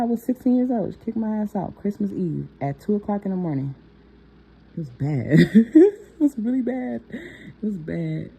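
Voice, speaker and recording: A woman's voice: low voice, mellow, slightly rough. A young woman nail technician telling a personal story in a chatty, laughing vlog style, talking to viewers as y'all.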